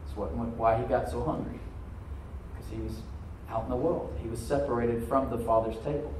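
A man's voice: medium pitch, steady tone, normal speed, a little mellow, a little hiss or hum. A male pastor preaching a sermon to his congregation. He repeats phrases, restarts lines, and asks "Amen?" to draw out responses. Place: church sanctuary with congregation. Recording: roomy church echo.

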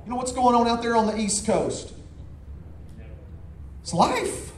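High-voiced animated preacher in an echoey hall. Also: male voice, unhurried, slight background noise. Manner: animated storytelling, folksy, repeats words. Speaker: pastor. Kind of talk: sermon. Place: large church hall. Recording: echoey hall, faint ambience.

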